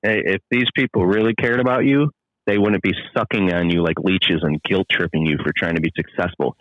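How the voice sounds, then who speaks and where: A man who runs a landscaping business, guesting on a podcast by phone, telling stories in an intense, profane, animated way. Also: low voice, fairly quick, no room sound. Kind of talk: casual podcast chat. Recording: lo-fi phone line.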